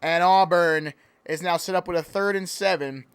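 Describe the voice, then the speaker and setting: A man's voice: high voice, moderate pace, clear, resonant tone, no echo. A man calling play-by-play in a joking mock sports broadcast, playful and easily sidetracked. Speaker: play-by-play commentator.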